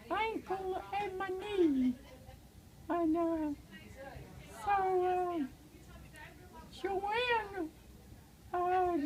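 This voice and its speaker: An older woman, an evangelist, telling her personal testimony in a halting way with many pauses and fillers, turning tearful in places. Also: extremely high pitch, low-quality recording.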